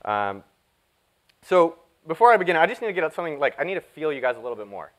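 A man giving a live conference talk, energetic and jokey as he hypes up the audience. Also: on the high side, fast talker, low-quality recording. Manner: energetic, jokey, hyping up the crowd. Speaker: keynote speaker.

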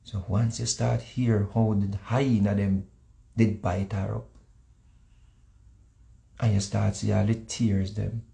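A man's voice: fairly low pitch, slow, vocal fry, pauses often. A man with a Jamaican accent telling stories in casual chat. He repeats himself and acts out the people he quotes. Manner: animated, repetitive, acts out quotes. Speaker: guest speaker.

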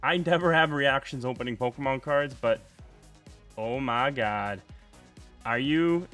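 A young man chatting casually while opening trading card packs, excitable and prone to loud outbursts. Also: medium pitch, measured pace, faint music behind. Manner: excitable, bursts into shouting and laughter over pulls. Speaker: card unboxing host.

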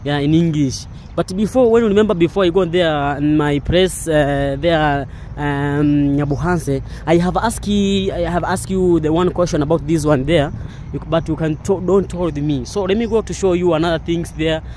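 A man, vlogging a walking tour outdoors in broken English, full of excited repeated exclamations. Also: on the high side, normal speed, a little hiss or hum. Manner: non-native English, broken grammar. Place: outdoors in a park.

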